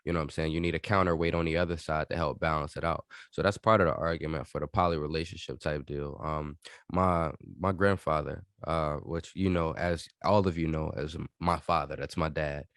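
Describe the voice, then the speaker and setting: Brief: low-voiced man, thirties, lively podcast banter, dry close sound. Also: fairly quick, smooth, dry recording. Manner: animated, swears freely, laughs often. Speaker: podcast co-host. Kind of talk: casual chat.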